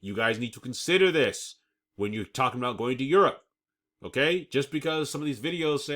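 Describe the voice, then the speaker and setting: Reading out news reports on his own channel, a man adds emphatic commentary and keeps asking "okay?". He speaks fairly quickly in a mid-range, a bit bright voice with lively intonation, laughing off his own stumbles.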